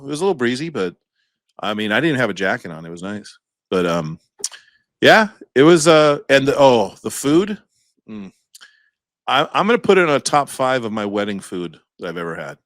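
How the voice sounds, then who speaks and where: In a studio-quality recording without room sound, a male podcast co-host with a medium, slightly bright voice tells a meandering story in a relaxed chat. He chuckles frequently and mimics the people he describes.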